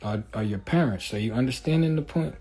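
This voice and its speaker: A man's voice: medium pitch, brisk, dark tone, breathy edge. A man hosting a livestream in a loose, streetwise, rambling way, often checking in with his listeners. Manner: loose, streetwise, rambling, with frequent filler asides. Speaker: livestream host. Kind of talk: casual livestream talk.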